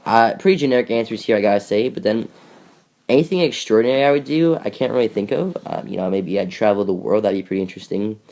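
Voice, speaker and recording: A man's voice: fairly low pitch, animated, quick pace, a little mellow. A young man co-hosting a casual podcast, rambling and joking with lots of fillers, recorded in a bedroom. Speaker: podcast co-host. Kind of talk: casual chat.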